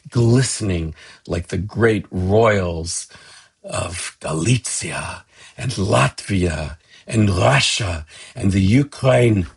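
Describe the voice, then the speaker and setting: A middle-aged man narrating a gentle, affectionate family story as a tribute to his father. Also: fairly low pitch, gravelly, husky. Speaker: son telling a family story.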